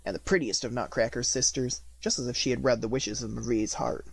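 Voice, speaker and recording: A man narrating an audiobook of a classic fairy tale at a steady, measured pace. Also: medium pitch, vocal fry, slightly rough. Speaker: audiobook reader. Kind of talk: storybook narration.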